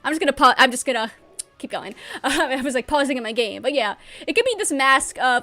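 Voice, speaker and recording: A woman's voice: high-pitched, expressive, a little fast, sharp tone. A young adult woman chatting casually and bubbly while livestreaming a game from home, laughing often.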